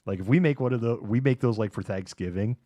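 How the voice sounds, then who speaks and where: Low-voiced man hosting a casual livestream. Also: fast, warm tone, no echo. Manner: rambling, laughs often, acts out voices in anecdotes. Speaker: live show host.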